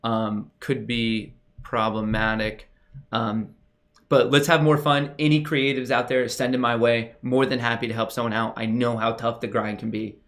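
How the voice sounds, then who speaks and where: A young man hosting a casual livestream, excitable and gushing as he talks straight to his viewers. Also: medium pitch, normal speed. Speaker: livestream host.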